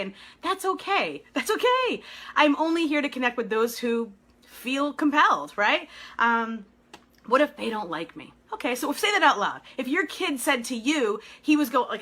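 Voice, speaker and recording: A middle-aged woman coaching business owners live, animated and encouraging, often laughing. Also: a little high. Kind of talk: live video coaching talk.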